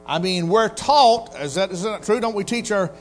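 A man's voice: sits high, moderate pace, a little hiss or hum. A man preaching a sermon in a folksy, storytelling way, acting out quotes. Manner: folksy Southern preacher, acts out quotes in voices. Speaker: pastor.

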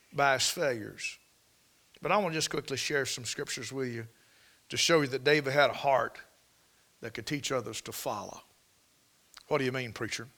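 Male preacher, sermon, higher voice, folksy, emphatic, rhetorical questions. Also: sharp tone.

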